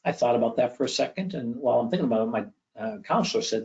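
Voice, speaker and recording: Male education speaker, conversational lecture, mid-pitched voice, dull lo-fi sound. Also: animated, racing, few pauses, a little mellow. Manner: conversational, checks in with frequent "okay?". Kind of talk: presentation lecture with slides. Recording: dull lo-fi recording.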